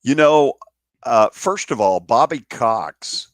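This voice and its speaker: A man hosting a sports talk radio show in an unhurried, conversational way. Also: mid-range voice, animated, no room sound, studio quality. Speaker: radio host.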